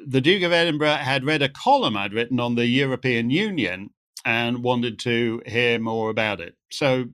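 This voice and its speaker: A man guest in an interview, telling animated anecdotes and acting out the voices of the people in them. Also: medium pitch, moderate pace, smooth. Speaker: guest commentator. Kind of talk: storytelling interview chat.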